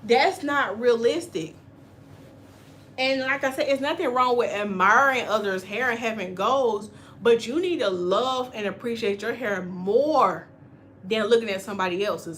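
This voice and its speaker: Bright-voiced, animated woman hair stylist. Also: a little high, measured pace, a little hiss or hum. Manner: animated and chatty, acts out quoted voices. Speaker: natural hair stylist and channel host. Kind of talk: casual spoken hair-care class.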